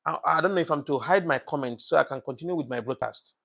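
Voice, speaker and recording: A man's voice: fairly high pitch, quick pace, creaky, fairly bright tone. A man hosting a casual live broadcast, thanking viewers by name and preaching passionately about politics, with many fillers and repeats. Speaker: live-stream host.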